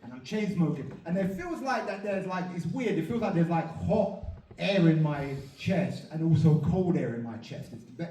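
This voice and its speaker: A man performing a stand-up comedy set, telling a story with sudden loud outbursts. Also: fairly high pitch, lively intonation, normal speed. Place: comedy venue stage. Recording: roomy live sound, distant, noisy.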